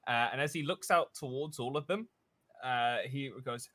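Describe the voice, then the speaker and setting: A man's voice: fairly high pitch, lively intonation, normal speed, sharp tone. A man narrating a tabletop game as game master, describing the scenes vividly with frequent "uh" fillers.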